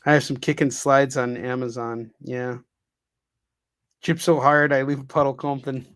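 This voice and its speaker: A man's voice: mid-range voice, steady tone, moderate pace, fairly bright tone. Fields: man, casual livestream chat, rambling, distant mic. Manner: rambling, joking, with chatty asides to viewers. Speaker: comic artist livestreaming convention prep. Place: indoor prep room where he packs books.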